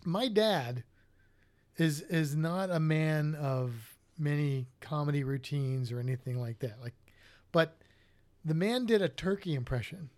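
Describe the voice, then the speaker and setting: A man's voice: a little high, a little slow, a little mellow. A man co-hosting a podcast in casual, rambling chat, often restarting his sentences. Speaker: podcast co-host.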